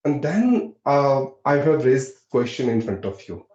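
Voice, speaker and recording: A young man with an Indian English accent talks earnestly in a casual discussion, his pitch rising and dropping as he explains. His voice is mellow and dark. The sound is dull and lo-fi, with a noticeable room echo. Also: unhurried. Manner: earnest, lively pitch swings, many fillers. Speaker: host.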